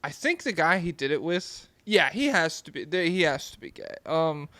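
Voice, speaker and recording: A man's voice: a little high, very animated, normal speed, a bit bright, no echo. A young man co-hosting a podcast, chatting casually in a rambling, laid-back way, swearing and giggling often. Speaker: podcast co-host. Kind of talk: casual chat.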